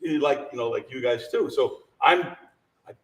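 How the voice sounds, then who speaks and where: A man's voice: mid-range voice, normal speed, recorded from a distance. A middle-aged man animatedly telling a ghost story to a small live audience, laughing and acting out the voices. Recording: roomy sound from off-mic.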